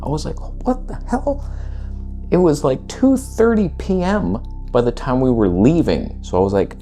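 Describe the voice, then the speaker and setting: A man's voice: medium pitch, normal speed, faint music behind. A man vlogging, casually retelling a story in laid-back slang with some swearing. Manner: animated retelling that acts out quoted voices.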